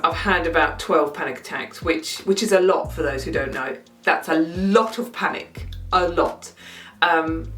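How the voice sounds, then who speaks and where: Woman in her 30s, lower voice, lively up and down, roomy far-off sound, faint music. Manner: self-mocking, wry deadpan asides. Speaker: comedian. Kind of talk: comic monologue. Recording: roomy sound, mic at a distance.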